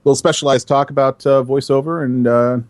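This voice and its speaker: A man's voice: mid-range voice, steady tone, fast, a little mellow, no room sound. A man who voices characters for a living, chatting as a podcast guest in a rambling, self-deprecating way, often repeating words. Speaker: voice actor guest. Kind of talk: casual podcast interview.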